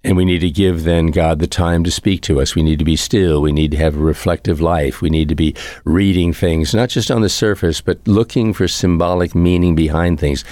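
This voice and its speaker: Deep-voiced priest giving a relaxed homily. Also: male voice, normal speed, few pauses, dry recording, studio quality. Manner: reflective, repeats key phrases, chuckles lightly. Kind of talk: conversational homily.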